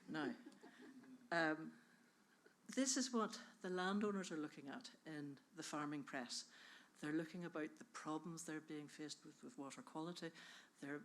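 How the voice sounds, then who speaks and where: A woman's voice: deep voice, moderate pace, hardly any pauses, slight background noise. An Irish woman giving an enthusiastic, chatty conference presentation about a bog conservation project, often interrupting herself. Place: conference hall.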